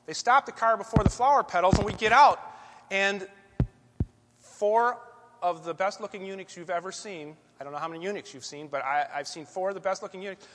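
Man, high voice, lively storytelling sermon, long church-hall reverb. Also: brisk, a little hiss or hum. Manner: animated, conversational storytelling. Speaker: church speaker. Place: church sanctuary.

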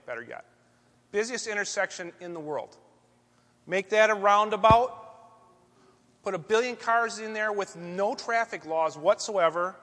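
A man telling a story from the pulpit in an animated, conversational way, as a church speaker giving a sermon. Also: high-pitched. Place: church sanctuary. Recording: long echoey church hall reverb.

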